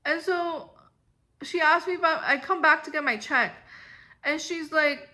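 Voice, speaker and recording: A woman's voice: sits high, unhurried, bright, forceful tone. A young woman telling a storytime vlog in a rambling, exasperated way, full of filler "like"s. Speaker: vlogger. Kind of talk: casual storytime monologue.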